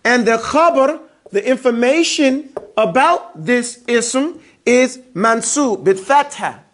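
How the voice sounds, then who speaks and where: In an animated voice of medium pitch and slow pace, a teacher runs a grammar lesson in class, prompting students to say words back and illustrating ideas with simple, everyday examples.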